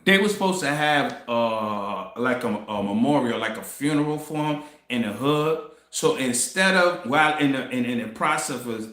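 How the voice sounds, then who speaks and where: A man hosting a casual commentary monologue, telling a story in an animated way, laughing and swearing as he goes. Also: medium pitch, moderate pace, hardly any pauses, reverberant. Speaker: commentary host.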